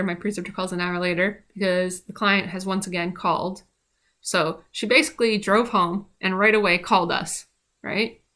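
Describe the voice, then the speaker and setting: Bright-voiced woman telling a story. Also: medium pitch. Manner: rambling, many fillers and restarts. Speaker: student midwife telling a story. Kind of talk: casual personal storytelling.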